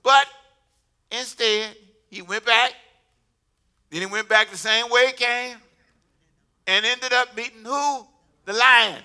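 A man's voice: very high voice, takes it slowly, long pauses, clean tone. A man preaching a sermon as pastor, joking with the congregation and breaking into laughter. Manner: humorous, animated preaching with laughter.

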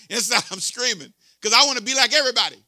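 Emphatic preaching man, bright and high. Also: lively intonation, brisk, no room sound, studio quality. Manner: emphatic preaching, repeating key words, call and response. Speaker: pastor. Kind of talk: sermon.

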